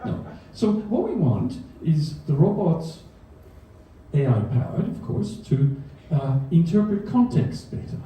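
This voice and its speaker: A man's voice: fairly high pitch, very animated, measured pace, warm tone. Dry-witted man telling science jokes onstage. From Australia. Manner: dry self-deprecating humor, chuckles at his own jokes. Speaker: university researcher giving a comedy science talk. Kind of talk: stand-up science talk. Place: comedy venue stage before a live audience. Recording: echoey hall, mic from a distance.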